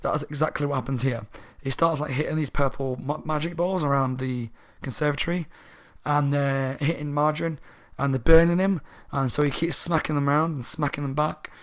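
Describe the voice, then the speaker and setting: A slightly drunk channel host reviewing books recaps a children's horror book casually, his voice fairly high and fairly even in intonation, talking a little fast. He rambles, chats, and corrects himself as he goes.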